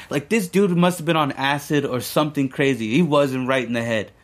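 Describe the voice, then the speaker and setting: Chill young dude rambling through a story, swears a lot, easy podcast chat. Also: male voice, mid-range voice, brisk, few pauses. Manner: profane, rambling, laid-back. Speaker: podcast co-host. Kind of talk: casual storytelling.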